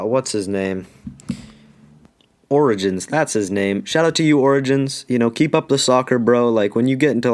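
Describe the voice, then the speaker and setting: A man's voice: mid-range voice, darkish tone. A man from Alaska telling a childhood story in a casual, rambling, slangy way, full of "like". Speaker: YouTuber telling a life story.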